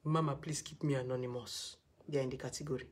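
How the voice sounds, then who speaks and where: A woman's voice: rumbling low, steady tone, fast talker, darkish tone. A woman with a Nigerian accent giving blunt, scolding relationship advice in a live video session.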